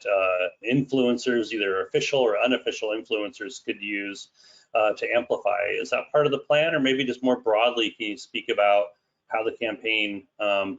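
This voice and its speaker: A man moderating an audience Q&A on a webinar, reading out questions in a measured way. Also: lowish voice, creaky. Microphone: video call. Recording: dull lo-fi call audio.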